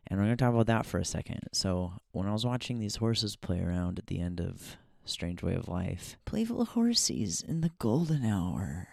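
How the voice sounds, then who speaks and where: A man's voice: low-pitched, steady tone, a little fast, gravelly, few pauses, no echo, clean studio sound. A man hosting a podcast in a casual, reflective monologue, musing aloud with many fillers and frequent laughs. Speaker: podcast host.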